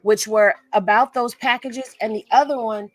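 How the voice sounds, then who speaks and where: A woman's voice: on the high side, fairly even intonation, moderate pace, no room sound. A woman hosting a casual gossip commentary, chatty and sassy, laughing as she reacts to clips. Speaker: commentary host.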